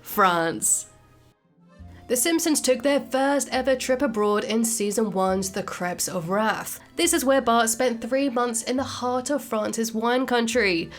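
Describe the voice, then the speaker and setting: A woman host narrating a scripted video in a clear, measured way. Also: fairly high pitch. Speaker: channel host.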